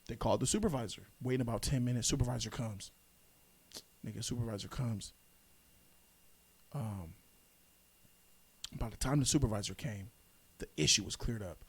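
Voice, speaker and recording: A man's voice: medium pitch, normal speed, long pauses, slightly rough. A man hosting a podcast, telling a story in casual chat and acting out the people in it. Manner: animated storyteller, acts out quotes. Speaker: podcast host.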